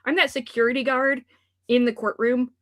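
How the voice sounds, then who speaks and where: Woman, casual chat, dry deadpan jokes, a bit high-pitched. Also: normal speed. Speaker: guest referee. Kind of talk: casual discussion.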